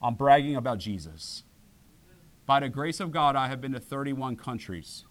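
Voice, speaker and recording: A middle-aged man preaching a sermon to his church, animated and acting out voices when he quotes people. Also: mid-range voice, moderate pace. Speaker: pastor.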